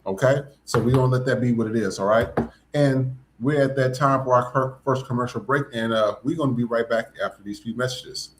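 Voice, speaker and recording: A man's voice: medium pitch, a little fast, a little hiss or hum. A man hosting a podcast, giving blunt, profane, emphatic commentary. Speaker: podcast host. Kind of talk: casual commentary.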